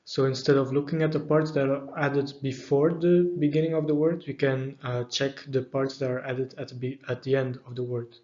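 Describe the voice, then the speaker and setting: A man's voice: medium pitch, moderate pace, hardly any pauses. Man explaining pronunciation, dull lo-fi sound. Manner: calm, methodical explanation with frequent fillers. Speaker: language teacher. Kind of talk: explaining pronunciation in a lesson video.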